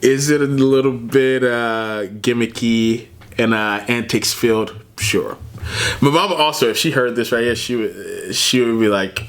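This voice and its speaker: A man's voice: mid-range voice, moderate pace. A man hosting a reaction video, talking casually, often laughing and calling the listener man and bro. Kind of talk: casual commentary.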